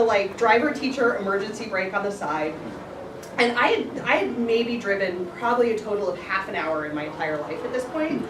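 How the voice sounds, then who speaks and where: Lively woman telling a story on stage. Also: a little high, far from the mic. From Florida. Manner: animated and laughing, dramatic retelling. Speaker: improv performer telling a story. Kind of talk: storytelling to a live audience. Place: theater stage. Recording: roomy theater audio from afar, noisy.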